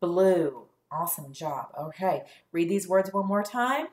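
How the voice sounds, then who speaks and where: A woman teacher leading a first grade phonics lesson, sounding out letters slowly and praising the class. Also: on the low side, animated, a little mellow. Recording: echoey room.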